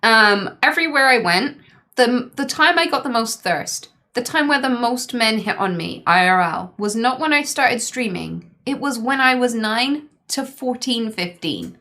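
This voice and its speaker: Woman, streamer, emphatic commentary, animated pitch, bright tone. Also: a little slow.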